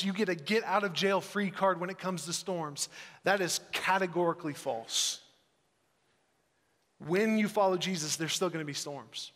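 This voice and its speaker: Emphatic pastor in a reverberant hall. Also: male voice, on the high side. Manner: swings from hushed reflection to loud emphatic delivery. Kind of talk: sermon. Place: large church hall.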